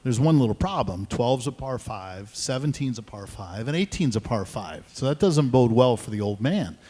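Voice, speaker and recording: Older man, animated storyteller, acts out voices, middle pitch, long hall reverb. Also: moderate pace. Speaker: guest speaker, pro golfer. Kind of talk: storytelling on stage. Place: event hall at a conference.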